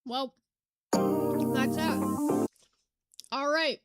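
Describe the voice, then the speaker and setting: A woman's voice: sits high, level tone, extremely slow, over loud music. A woman hosting a reaction commentary, blunt and casual, swearing freely with frank asides. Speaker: commentary channel host.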